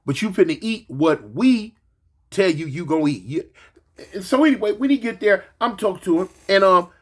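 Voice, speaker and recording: Grandpa guy telling a story, higher voice, animated, acts out all the quotes, repeats himself a lot. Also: moderate pace. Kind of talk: casual storytelling monologue.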